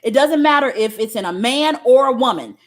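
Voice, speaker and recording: Woman preaching relationship advice, fairly high voice, swears a lot, keeps saying okay. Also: lively intonation, a little fast. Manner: blunt, profane and emphatic; frequent checking "okay?". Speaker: spiritual teacher. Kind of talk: spiritual teaching monologue.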